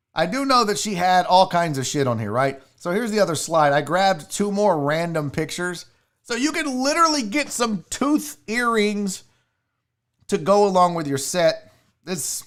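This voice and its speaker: Animated, profane male show host. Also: high voice, measured pace. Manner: profane, incredulous ranting at chat. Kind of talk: live-stream comedy rant.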